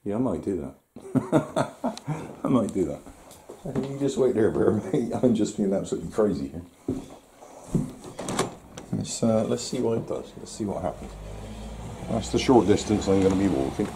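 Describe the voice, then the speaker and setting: A man's voice: fairly low pitch, animated, moderate pace, long pauses, noisy background. A man filming himself, rambling through a casual running commentary with lots of fillers. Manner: rambling, talks to himself and the viewer with fillers and chuckles. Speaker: vlogger. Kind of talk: casual self-filmed commentary.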